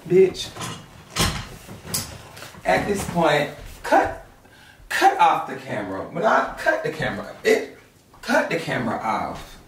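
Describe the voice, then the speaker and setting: A man hosting a gossip show, giving casual drama commentary in a sassy, profane, animated way. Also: fairly high pitch, slow, pauses often, a little hiss or hum. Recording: echoey room with background music.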